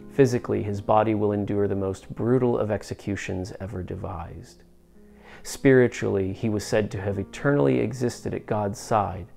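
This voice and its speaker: A man reading scripture aloud at a church service in a slow, solemn, dramatic way. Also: lowish voice, gravelly, dark tone. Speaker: scripture reader.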